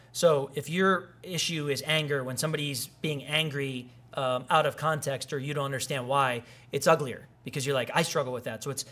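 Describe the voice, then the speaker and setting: A pastor delivers his sermon in a relaxed, conversational way, full of asides and everyday stories. His voice sits a little higher than most men's. He slips into quick voices for the people in his stories. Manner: conversational, animated, acts out quoted voices. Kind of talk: casual sermon with personal stories.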